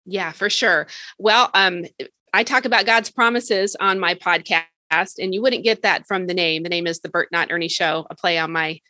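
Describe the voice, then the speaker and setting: A woman's voice: fairly low pitch, normal speed, pushed and bright, no room sound. A woman guest on a faith podcast, an author and speaker, telling her story eagerly and earnestly. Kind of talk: casual faith podcast interview.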